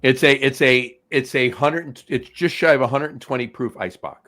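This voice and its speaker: A man's voice: medium pitch, normal speed, sharp tone. A man co-hosting a casual podcast, easygoing and telling anecdotes with frequent restarts. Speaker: podcast co-host.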